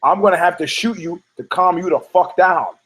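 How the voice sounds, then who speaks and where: A man's voice: high voice, normal speed, a bit bright, breathy edge, poor audio. A man hosting a casual sports podcast who rambles, stammers over his words, repeats himself and swears freely. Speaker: podcast host.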